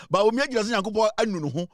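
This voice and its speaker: A man with a Ghanaian accent hosting a comedy show, giving laughing, animated comic commentary and mixing English into his talk. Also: sits high, fast, dry recording, studio quality.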